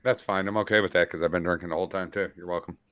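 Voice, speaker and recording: A man's voice: sits low, steady tone, racing, fairly bright tone, dry recording. A man chatting casually on a live stream, joking, teasing and rambling. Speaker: stream guest. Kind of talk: casual chat.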